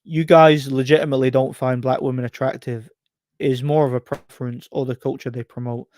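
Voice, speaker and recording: A man's voice: medium pitch, level tone, brisk, darkish tone, dry recording. A man hosting a casual live stream, rambling through chat comments, repeating himself and laughing at his own stories. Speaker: livestream host reading chat.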